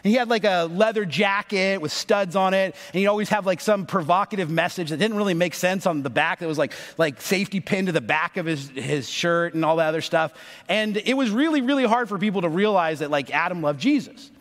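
A man in his thirties, a pastor telling a story in a sermon, animated and acting out the voices of the people in it. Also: high voice, brisk. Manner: animated, acts out voices in stories. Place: church sanctuary. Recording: long reverb of a large hall.

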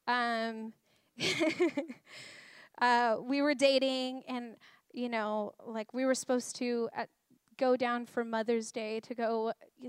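A woman's voice: on the high side, clear, resonant tone, no echo, studio quality. A woman in her thirties giving a chatty, self-deprecating sermon full of personal stories and laughter. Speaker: guest preacher. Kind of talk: conversational sermon storytelling.

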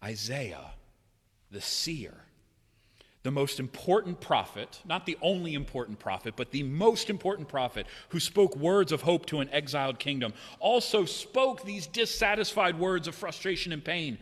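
A man preaching a sermon in a church, swinging between loud, raised cries and hushed, low passages. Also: animated, normal speed, hardly any pauses. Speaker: pastor. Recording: long hall reverb.

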